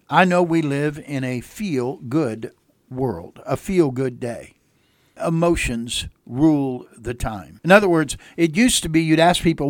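A male pastor giving a radio sermon in a folksy, earnest way, leaning on repeated phrases. His voice sits a little high for a man, and the close-miked sound is dry, with no room around it. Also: a little slow, no room sound.

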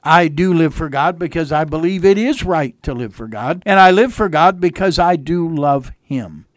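A man's voice: fairly high pitch, lively intonation, normal speed, dry recording, clean studio sound. A man preaching as a pastor on a radio sermon, folksy and earnest, repeating phrases for emphasis.

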